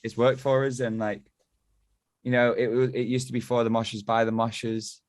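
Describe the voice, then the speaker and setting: In a dry recording, a man from England speaks with a mid-range voice and flat delivery at normal speed. He's a band member guesting on a podcast, chatting casually, wandering off topic and cursing liberally as he spins stories.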